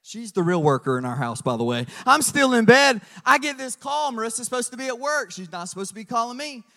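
A man preaching a sermon as pastor, telling stories with lively swings from hushed asides to loud emphasis. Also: very high voice, fairly quick, long reverb tail.

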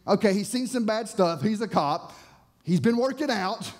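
Animated man telling a sermon story. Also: high voice, moderate pace. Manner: animated, excitable storyteller with many restarts. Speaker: youth pastor, evangelist.

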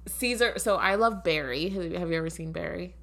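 A woman's voice: fairly low pitch, brisk, a bit bright. Rambling woman podcast co-host. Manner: rambling, full of "like" and "um". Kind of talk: casual chat. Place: apartment.

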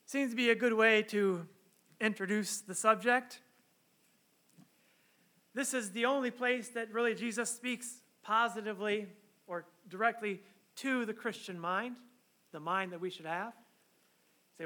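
A man's voice: sits high, unhurried, long pauses, bright, forceful tone. A man preaching a sermon, reading scripture aloud, praying, then speaking in an earnest, conversational way with rhetorical questions. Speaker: pastor.

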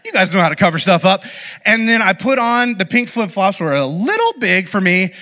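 A man with a high, sharp, bright voice delivers a lively, self-deprecating story sermon. He keeps breaking off to joke with the congregation. The sound carries a long reverb from a big church hall. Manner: animated, self-deprecating, fast asides to the audience. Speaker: pastor.

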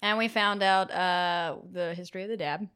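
A woman's voice: on the low side, steady tone, moderate pace, fairly bright tone, clean tone. A woman co-hosting a podcast in casual chat, with blunt joking interjections. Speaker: podcast co-host.

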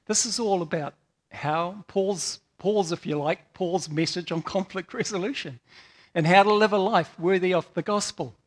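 A man's voice: high voice, moderate pace. A man giving a sermon, telling rambling stories with frequent repeated words. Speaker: preacher.

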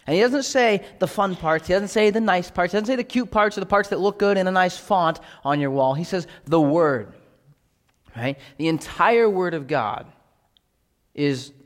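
A man's voice: on the high side, long reverb tail. A man preaching a sermon with emphasis, often checking in with the congregation with "right?". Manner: emphatic, repeatedly asking "right?". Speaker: pastor.

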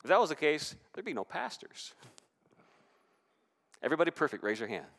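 A man preaching a sermon in a church, animated, with rising and falling emphasis. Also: on the high side, a little fast, creaky. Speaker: pastor. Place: church sanctuary. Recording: reverberant church hall.

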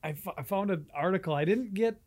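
A man's voice: high voice, brisk, darkish tone. A man co-hosting a casual podcast, swearing freely and laughing often as he tells stories. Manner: laid-back, swears a lot, laughs often. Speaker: podcast co-host. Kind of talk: casual crude chat.

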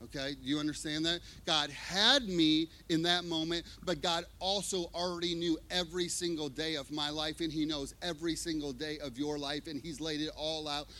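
Male pastor, high bright voice, animated sermon storyteller acting out scenes. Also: moderate pace, few pauses.

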